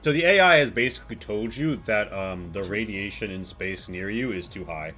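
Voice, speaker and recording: A man runs a tabletop game as game master and describes the scenes to the players. He rambles and fills gaps with ums. His voice sits low, with faint music behind. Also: lively intonation, normal speed, sharp tone. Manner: rambling, many fillers.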